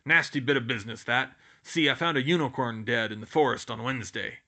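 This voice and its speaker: A man voicing a huge, gruff but gentle older male gamekeeper who talks loudly in a blunt, folksy dialect. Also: mid-range voice, fairly quick, lightly acted. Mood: gruff worried. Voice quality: loud, gruff rural-sounding dialect.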